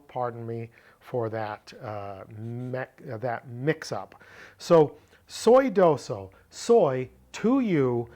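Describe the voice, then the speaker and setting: Slow, deliberate male Greek tutor. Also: mid-range voice, darkish tone. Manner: slow, deliberate reading with frequent fillers. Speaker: biblical Greek teacher. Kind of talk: lesson.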